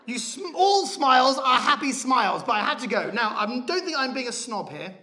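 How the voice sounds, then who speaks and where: A man performing a stand-up comedy set on a theatre stage, telling a story with animated, shouted rants. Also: very high-pitched, normal speed. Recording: live theatre, audience laughter. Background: audience laughing.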